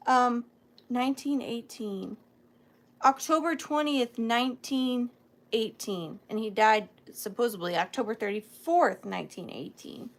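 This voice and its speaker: Woman doing a live antiques sale, kinda high voice, talks slow, gets all choked up reading old letters. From US South. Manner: emotional, marvelling, apologetic asides. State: near tears.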